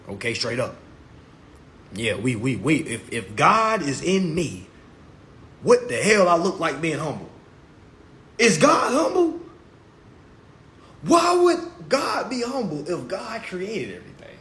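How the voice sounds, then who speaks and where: A man's voice: takes it slowly, pauses often, slight background noise. Brash, profane man lecturing on a live stream. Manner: lively pitch swings. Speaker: instructor promoting his class. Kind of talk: casual live-stream monologue.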